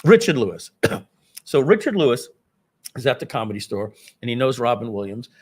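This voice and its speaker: A man's voice: medium pitch, very animated, a little fast, a little mellow, husky. A man hosting a live online workshop, telling a rambling anecdote with lots of fillers. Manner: rambling, many fillers, acts out quotes. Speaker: webinar host. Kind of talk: casual storytelling.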